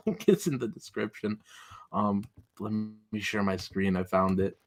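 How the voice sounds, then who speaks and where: A man hosting a casual podcast stream, relaxed and rambling, laughing at his own stories. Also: lowish voice, measured pace. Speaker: podcast host. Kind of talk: casual chat.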